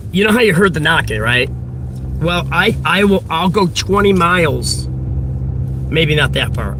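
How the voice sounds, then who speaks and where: A chatty man who repeats himself in a folksy way, talking casually while driving. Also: fairly high pitch. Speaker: street preacher and Uber driver. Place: inside a moving car. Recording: road noise in a car.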